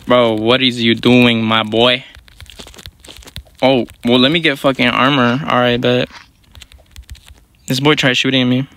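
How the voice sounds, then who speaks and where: A young man giving live gameplay commentary in quick, slangy, profane banter as a gaming YouTuber. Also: mid-range voice, pushed and bright, a little hiss or hum.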